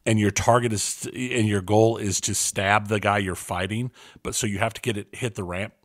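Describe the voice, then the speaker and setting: A man co-hosting a gaming podcast in casual chat, joking dryly and pitching absurd ideas with a straight face. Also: steady tone, normal speed. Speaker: podcast co-host.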